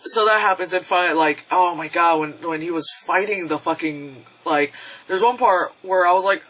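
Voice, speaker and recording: A woman casually reviewing a movie in a vlog, excitable and profane, breaking into loud yelps as she retells scenes. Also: on the low side, moderate pace, poor audio.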